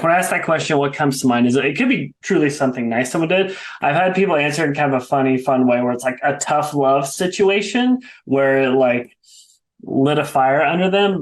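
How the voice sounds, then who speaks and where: A young man hosting a podcast, talking in an easygoing, friendly way. He drops in casual fillers as he asks his questions. His voice sits at a middle pitch. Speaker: podcast host. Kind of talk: casual interview.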